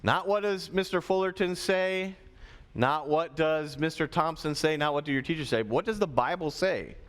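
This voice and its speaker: A man preaching to schoolchildren in a school chapel, as pastor and teacher, lively and teacherly, repeating his key points. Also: a little high, moderate pace. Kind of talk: sermon to schoolchildren.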